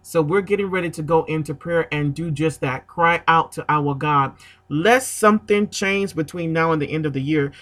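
A man on a gospel radio broadcast announces a prayer segment. He speaks earnestly and pauses on frequent fillers. His voice sits a little high and sounds bright and tense.

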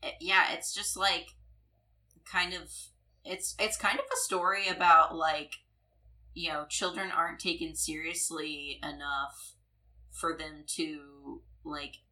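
Woman co-host, very low pitch yet bright, loose rambling delivery. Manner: casual, many fillers, laughs easily. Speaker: podcast co-host. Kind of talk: casual film discussion.

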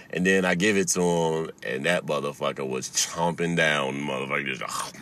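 A young man casually telling a story, profane and laughing, getting heated and loud as he goes. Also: a bass voice, measured pace.

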